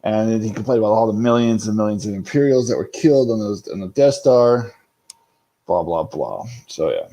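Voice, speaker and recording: A man with a fairly low, expressive, warm voice talks briskly while hosting a casual livestream recapping a show episode. He rambles unscripted to his chat and swears freely.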